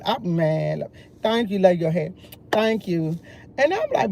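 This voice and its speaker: A woman's voice: medium pitch, sing-song, unhurried, creaky, darkish tone. A woman, chatting casually on a morning live stream, drawling and greeting viewers by name.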